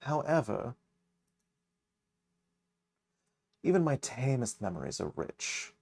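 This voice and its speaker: A man voicing a pompous, wistful male character from a visual novel, with a drawn-out, grand delivery. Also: medium pitch, big pitch swings, vocal fry, a little mellow, breathy edge, full character voice. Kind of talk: reading a visual novel aloud.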